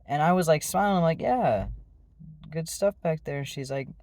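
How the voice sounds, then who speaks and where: A man's voice: fairly high pitch, normal speed, darkish tone, no room sound. A man telling a personal story in a casual, rambling way, with many fillers and restarts. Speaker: vlogger.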